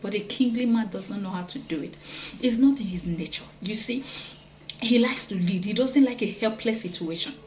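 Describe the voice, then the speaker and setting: A woman giving earnest, gentle advice to wives, with soft laughs and quoted asides. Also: mid-range voice, moderate pace, a little hiss or hum, poor audio. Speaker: relationship teacher.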